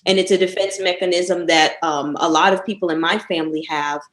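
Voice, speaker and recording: A woman guest on a casual podcast interview, telling stories lively and laughing often. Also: lowish voice, brisk, reverberant, rough recording.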